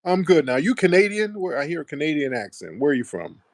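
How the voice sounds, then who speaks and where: A man's voice: on the high side, big pitch swings, fast, no room sound. A man hosting a call-in talk show, laughing and cursing as he mocks what he talks about. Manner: laughing, profane, mocking. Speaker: show host.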